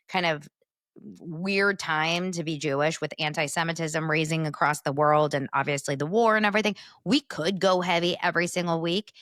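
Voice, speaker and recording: Woman podcast co-host, lower register, playful ribbing, dry booth sound. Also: fairly bright tone, no echo. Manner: teasing, laughs often. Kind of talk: casual podcast chat.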